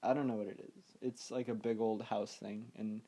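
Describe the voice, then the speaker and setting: A man's voice: lowish voice, flat delivery, brisk, mellow, breathy edge. A young man casually recapping a film, rambling and offhand, often trailing off with "like" and "I don't know.". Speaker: podcast host recapping a film.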